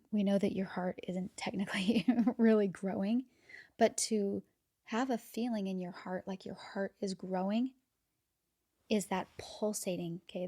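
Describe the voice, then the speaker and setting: A woman hosting a podcast, talking casually and with enthusiasm, sometimes dropping to a soft near-whisper and repeating words as she gathers her thoughts. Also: medium pitch. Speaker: podcast host. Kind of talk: casual reflective monologue.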